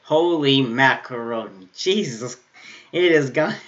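A man hosting an anime reaction video, excitable and laughing as he talks back to the screen in casual commentary. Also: medium pitch, slow pace, lo-fi sound. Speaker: anime reaction channel host.

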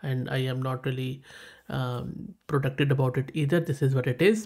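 A tech channel host with a South Asian English accent runs a casual screen-recorded tutorial, reading results aloud and repeating his praise with easygoing enthusiasm. His mid-range voice is creaky and a little mellow, with fairly even intonation and a normal speed.

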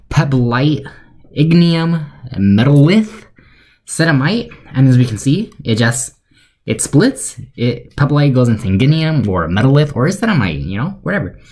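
A young man giving deadpan, sarcastic commentary for a joke video, rambling with fillers. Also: medium pitch. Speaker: YouTuber.

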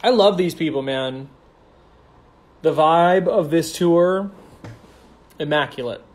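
A man's voice: a little high, slow pace. A young man casually chatting on a phone livestream, reading comments aloud in a playful, campy, slangy way. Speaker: stage actor hosting a livestream.

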